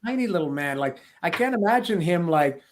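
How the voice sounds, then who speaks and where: A man's voice: a little high, expressive, brisk. A middle-aged man, a former goalie, chatting as a podcast guest and thinking aloud. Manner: rambling, thinking aloud with restarts. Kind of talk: casual podcast chat.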